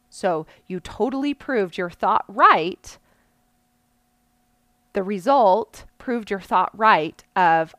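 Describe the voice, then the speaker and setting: A woman's voice: mid-range voice, a bit bright, no room sound, studio quality. A woman coach giving an earnest, explanatory motivational lesson, often checking in with her listeners and pushing some words with bursts of emphasis. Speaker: mindset coach. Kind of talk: motivational teaching talk.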